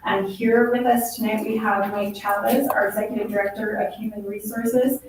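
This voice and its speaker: A woman's voice: medium pitch, steady tone, moderate pace. A woman chairing a school board meeting, reading through agenda items in a procedural way. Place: public board meeting room. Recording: echoey room, distant mic, faint noise.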